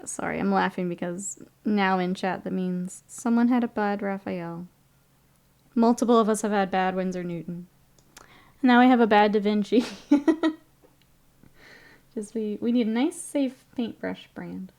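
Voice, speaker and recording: A woman's voice: medium pitch, unhurried, vocal fry, darkish tone. A young woman streaming her miniature painting, chatting casually, reading chat aloud and laughing often.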